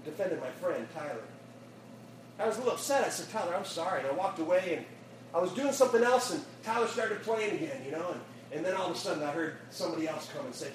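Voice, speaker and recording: A man, a youth pastor, telling a lively story in a sermon and acting out the voices, laughing as he goes, then closing in prayer. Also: sits high, fast, a crowd in the background. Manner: animated storyteller, acts out quotes, laughs often. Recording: echoey room, distant mic, audible noise.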